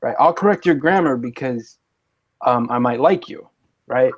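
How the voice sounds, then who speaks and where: A man's voice: medium pitch, lively intonation, moderate pace, muffled recording. Man, casual group chat, opinionated, mock-stern, mid-range voice. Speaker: podcast guest.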